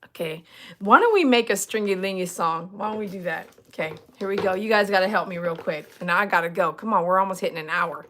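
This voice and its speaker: A woman's voice: medium pitch, fast, fairly bright tone. A woman dog groomer hosting a live stream, chatting playfully with viewers and giggling often. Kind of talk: casual live-stream chat. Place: at home with dogs.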